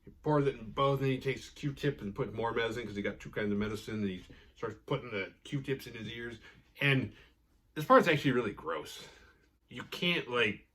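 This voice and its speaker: A man hosting a podcast, casually retelling a horror episode with profanity and quick acted-out quotes. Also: mid-range voice, fairly bright tone. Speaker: podcast host recapping episodes. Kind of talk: casual recap chat.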